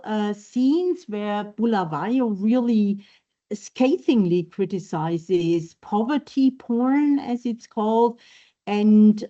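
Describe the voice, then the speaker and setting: A woman lecturer giving an academic seminar talk, measured and thoughtful, pausing on frequent ums. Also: mid-range voice, mellow, lo-fi sound. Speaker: university lecturer. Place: university seminar room.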